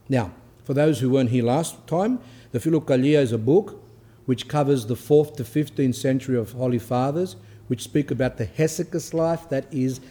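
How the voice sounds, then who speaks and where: Male speaker, mid-pitched and mellow, reading spiritual texts and commenting casually with asides. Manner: conversational, with asides and rhetorical questions. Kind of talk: religious teaching talk, reading aloud with commentary.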